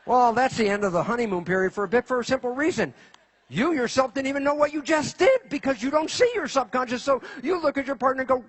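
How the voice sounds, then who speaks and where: A man with a rather high, slightly husky voice lectures a live audience. He is animated, firing rhetorical questions at the crowd and building toward each point. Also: fast talker. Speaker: speaker giving a lecture. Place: in front of an audience.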